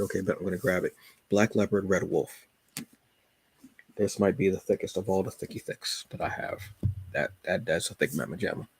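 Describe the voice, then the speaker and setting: Casual vlog host, male, low gravelly husky voice, joking and rambling, dry close sound. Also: no echo. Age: adult. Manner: relaxed, joking, storytelling with asides. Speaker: channel host. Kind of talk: casual talk about comics and books.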